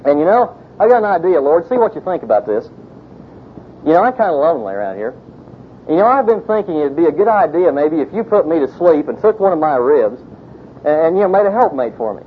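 A man's voice: a little high, big pitch swings, brisk, a little hiss or hum. A man voicing Adam as a lonely young man, coaxing and hesitant as he hints at what he wants. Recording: tinny phone-like sound.

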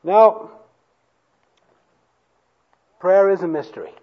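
Man preaching, slow deliberate delivery, lively rising and falling pitch, dull lo-fi church recording. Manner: slow, emphatic, has congregation repeat lines aloud. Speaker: pastor. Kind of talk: sermon. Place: church hall before a congregation.

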